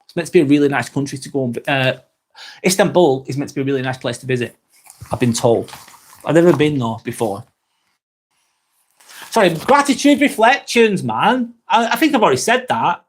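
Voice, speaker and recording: A man's voice: a little high, sing-song, brisk, pauses often, slightly rough. A young man with a broad Lancashire accent, hosting a casual live vlog, chatting to viewers and swearing freely as he reads their comments. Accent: Lancashire English. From Northwest England. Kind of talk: casual live-stream chat reading out comments.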